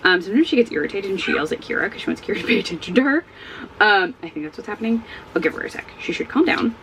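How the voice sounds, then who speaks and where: A woman talks in a loose, chatty vlog from her home, rambling and cutting herself off mid-sentence. Her pitch swings widely, rising and falling as she talks. She sounds a little sleepy, and there is a faint hiss behind her voice. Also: racing. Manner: rambling, self-interrupting, animated. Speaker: book vlogger. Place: at home with a barking dog nearby.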